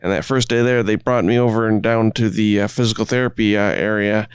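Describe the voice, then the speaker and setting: Male guest, conversational storyteller, resonant clear voice, dry sound, self-deprecating. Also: lowish voice, brisk, dry recording. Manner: relaxed, self-deprecating, often restarts phrases.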